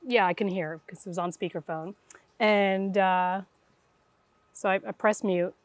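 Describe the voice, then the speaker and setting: Speaking unhurriedly at a medium pitch, a middle-aged guest intuitive tells her story conversationally, with no room sound in the recording. She brings it to life by performing the dialogue of the people involved.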